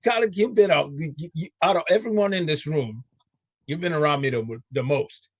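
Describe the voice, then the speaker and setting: A man hosting a casual chat, animated and ranting, who stretches words for emphasis. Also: on the high side, normal speed, slightly rough, dry recording. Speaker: host.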